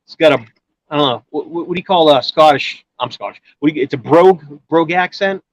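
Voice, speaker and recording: A man's voice: a little high, fast, poor audio. A man telling a long personal story in casual chat, rambling with many restarts and filler words. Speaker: guest storyteller.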